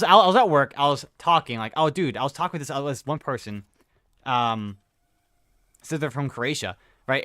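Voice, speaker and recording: Bright-voiced young man chatting while gaming. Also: medium pitch, no echo, studio quality. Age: young adult. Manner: rambling, self-correcting, chuckling storyteller. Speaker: gaming streamer. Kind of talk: casual chat while gaming.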